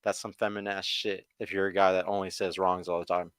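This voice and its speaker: Guy ranting live on his podcast, low-ish voice, punchy and hard-edged, super dry sound. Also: little pitch movement, quick pace, fairly bright tone, clear, resonant tone, no room sound. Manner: impassioned, emphatic, keeps addressing the audience as guys; profane. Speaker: podcast host. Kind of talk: livestream rant to chat.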